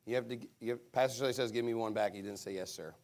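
A man's voice: medium pitch, fast talker. A man preaching a sermon as pastor, playing a call-and-response game with children and talking playfully to the congregation. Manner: lively, playful with kids, calls out to the crowd.

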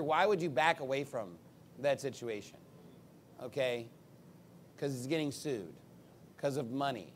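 A man preaching a sermon in an emphatic, combative way, with sarcastic asides and big swings in pitch and loudness. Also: animated, measured pace, pauses often, slight background noise.

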